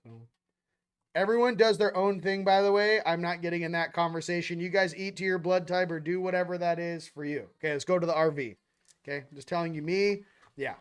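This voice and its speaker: A man with a fairly high voice hosts a casual chat, drifting from topic to topic. He talks in a loose, slangy way, throwing in asides. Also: fairly even intonation, fairly quick, smooth. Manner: rambling, slangy, jumps between topics. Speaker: host. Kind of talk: casual spiritual livestream chat.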